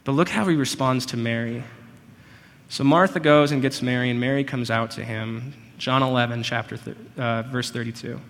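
A male pastor delivering a sermon in an earnest, personal way. His voice sits in the middle range, and he often slows right down on key phrases. The sound carries a long reverb, as in a large hall. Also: medium pitch, fairly bright tone.

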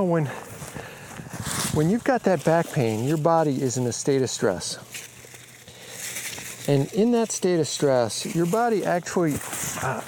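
A man's voice: a little high, noisy background. A man speaks in an easygoing, conversational way, retelling a talk he had and quoting both sides of it. He is outdoors on a country property, and faint outdoor sounds sit behind his voice. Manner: relaxed, retells conversations with quoted dialogue. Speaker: healing coach. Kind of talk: casual storytelling vlog.

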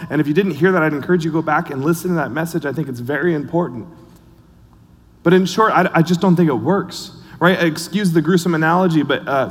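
A man preaching a sermon as a church pastor, chatty and casual, with many fillers and restarts. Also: fairly high pitch. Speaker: online and missions pastor. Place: church sanctuary. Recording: long hall reverb.

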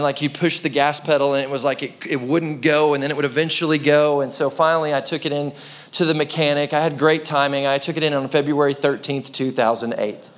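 A young adult male pastor telling a personal story in a conversational sermon, acting out quotes along the way. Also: mid-range voice.

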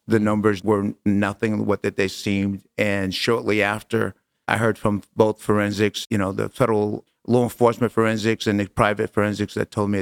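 A man with a low, gravelly voice recounts his story to an interviewer. He speaks earnestly and leans on repetition for emphasis. The sound is close and dry, with no room around it. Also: dry recording. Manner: earnest, emphatic, repeats phrases for weight. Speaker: podcast guest. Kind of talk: storytelling in conversation.

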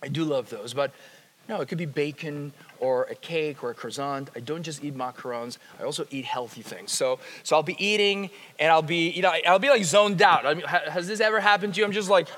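A man preaching a sermon as pastor, shifting between hushed, quiet passages and emphatic, rising ones. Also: a little high, a little fast, in a large hall. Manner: dynamic, swings from hushed to emphatic.

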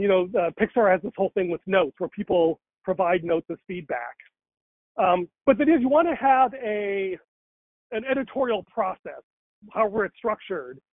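Rambling man in casual conversation, high voice, tinny phone-line sound. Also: no room sound. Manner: rambling, many fillers and restarts.

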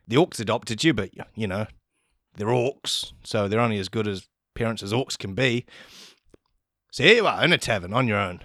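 A man's voice: medium pitch, no echo, clean studio sound. A man hosting a comedy podcast, telling a rambling comic story full of swearing. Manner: profane, rambling, animated.

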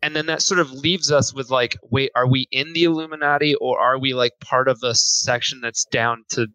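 A man in a tabletop game talks in a rambling, joking way, full of "like" and "you know." His voice is bright and forward, and the sound is dry. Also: mid-range voice, fairly even intonation, moderate pace, clean tone, no room sound, rough recording. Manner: rambling, joking, filler-heavy. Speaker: player. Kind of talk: casual tabletop role-play.

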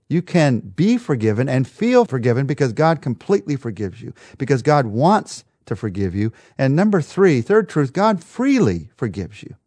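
Emphatic male preacher with lively pitch. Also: moderate pace, few pauses, no echo. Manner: emphatic, repetitive rhetorical rhythm. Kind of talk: devotional sermon.

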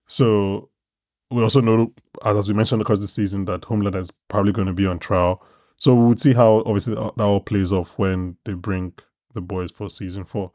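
A man hosting a casual podcast, rambling and animated, swearing freely. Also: fairly low pitch, a little fast, no echo, clean studio sound. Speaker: podcast host. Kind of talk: casual chat.

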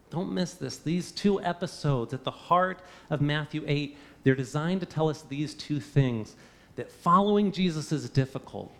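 A man preaching a sermon, earnest and emphatic, often asking the listeners rhetorical questions. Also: mid-range voice. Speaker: pastor.

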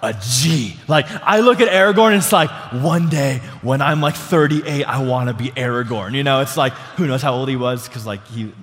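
A man's voice: medium pitch, normal speed, hardly any pauses, fairly bright tone. A young adult man, a pastor, preaching a casual sermon full of fillers and restarts, asking the congregation questions. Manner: asks the congregation questions and calls for responses. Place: church sanctuary before a congregation. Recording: long hall reverb.

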